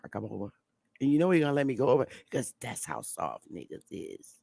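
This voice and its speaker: Woman host, from New England, blunt profane livestream rant, gravelly and dry. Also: very deep voice, big pitch swings, a little fast, dark tone, dry recording. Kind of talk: impassioned livestream monologue.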